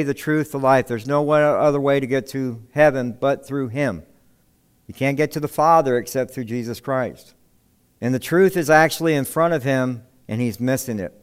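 A man's voice: medium pitch, clean tone. A man preaching a sermon, reading scripture and asking the congregation rhetorical questions. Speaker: pastor.

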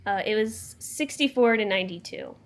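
A young woman runs a trivia game, reading each question aloud at a measured pace. Her delivery is plain and unhurried, with a middle-range voice. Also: mid-range voice, expressive. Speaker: quiz host.

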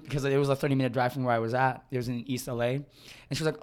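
A man's voice: medium pitch, steady tone, very fast, clean tone. Young guy rambling through a story. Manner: rambling, laughs between lines. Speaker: podcast co-host. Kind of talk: casual storytelling.

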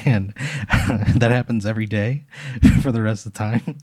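A man's voice: on the low side, unhurried, breathy edge, dry recording, clean studio sound. A man in casual podcast chat, telling an absurd hypothetical story in a rambling way, full of filler words and bits of laughter.

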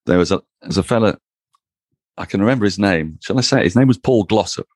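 A man, a cricket commentator, telling anecdotes as a podcast guest in an animated, self-mocking way. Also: lowish voice, quick pace, breathy edge, no echo, clean studio sound. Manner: animated, self-mocking raconteur with frequent restarts. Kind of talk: anecdotal interview storytelling.

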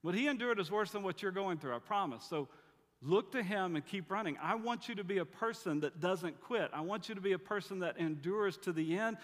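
A man preaching who briefly voices God as a gentle, reassuring, fatherly figure. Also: sits high, animated, brisk, voice pushed up. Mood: encouraging. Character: God, a patient encouraging fatherly male voice. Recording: long reverb of a large hall.

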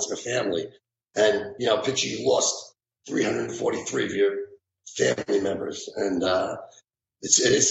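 A middle-aged man with a gravelly voice tells his memories in a halting way, restarting and repeating words. The sound is echoey. Faint background noise sits under it. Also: on the low side. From New York. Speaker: retired firefighter guest. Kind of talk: emotional interview recollection.

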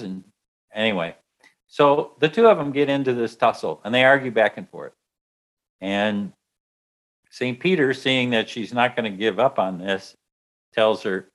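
A man telling a story aloud in a lively way, acting out the voices. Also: on the low side, unhurried, long pauses. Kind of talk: telling an anecdote.

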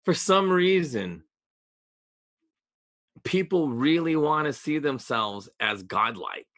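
A man talking on a podcast in an opinionated, ranting way, with sarcastic asides. His voice is bright and forceful and sits somewhat high. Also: expressive, slow pace. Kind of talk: casual podcast chat.

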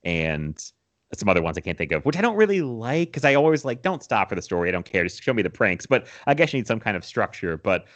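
A man's voice: lowish voice, very animated, quick pace. A young man co-hosting a podcast, chatting casually about movies, rambling with restarts and laughing often. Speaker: podcast co-host.

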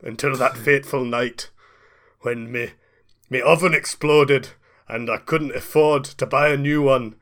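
Guy doing a rambling scottish ship captain, loud and wandering. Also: mid-range voice, fairly even intonation, measured pace, lightly acted. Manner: rambling, meandering. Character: bumbling male ship captain, ex-convict.

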